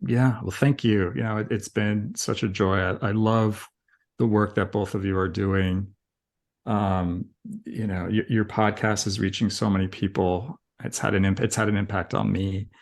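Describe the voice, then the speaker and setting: A man with a somewhat low voice chats as a podcast guest. He talks earnestly and haltingly, piling in fillers and restarts. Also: flat delivery. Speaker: podcast guest, recovery coach. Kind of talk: casual podcast conversation.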